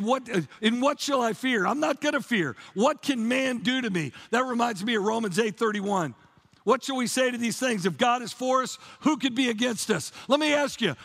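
High-voiced gravelly preacher man. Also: fairly bright tone. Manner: fervent, repeats "man" often, restarts phrases. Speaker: pastor. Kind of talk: sermon. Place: church.

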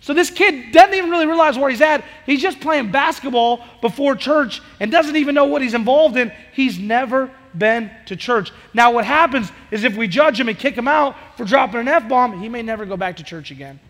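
Fast, high-voiced energetic preacher man. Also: big-room sound. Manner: energetic, conversational, acts out dialogue. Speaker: youth pastor. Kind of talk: sermon.

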